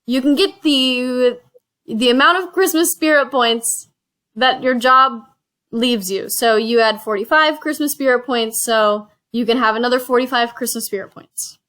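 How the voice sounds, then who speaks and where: A woman with a slightly high voice hosts a casual board game session. She reads out each card, counts the spaces aloud and drops in chatty asides between rolls. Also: measured pace, a bit bright. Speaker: host.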